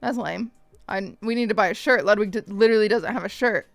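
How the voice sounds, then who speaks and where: A woman streamer telling a story to her chat in a casual, animated way, swearing often and acting out the voices of people she quotes, with hiccups. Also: medium pitch, brisk, creaky, no echo, soft background music.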